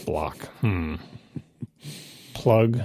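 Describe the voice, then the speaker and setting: A man co-hosting a podcast, teasing and pedantic in a deadpan way. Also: low-pitched, extremely slow, dry recording. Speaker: podcast co-host. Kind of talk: casual chat.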